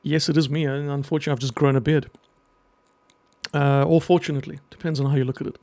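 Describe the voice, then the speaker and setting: Gravelly, earnest middle-aged man. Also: on the high side, flat delivery, darkish tone, dry recording. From half Greek. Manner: earnest, halting, emotional, with pauses. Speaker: vlogger and children's book writer. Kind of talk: emotional personal message to camera.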